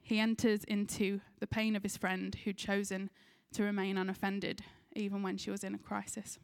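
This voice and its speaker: A woman's voice: mid-range voice, completely flat delivery, normal speed, clean tone. A woman with an English accent preaching a sermon, retelling a scripture story in an earnest voice and briefly acting out the people in it. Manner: earnest storytelling, acts out quoted lines.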